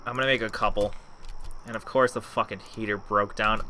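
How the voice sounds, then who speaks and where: A man's voice: fairly low pitch, steady tone, unhurried, long pauses, bright, forceful tone, a little hiss or hum. A man giving casual gameplay commentary as a let's play host, chatting to himself, talking back at the game and swearing freely.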